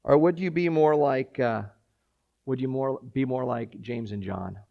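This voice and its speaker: A man preaching as a pastor, closing his sermon with a prayer, moving from quiet pleading to loud, urgent calls. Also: mid-range voice, unhurried, creaky, lo-fi sound.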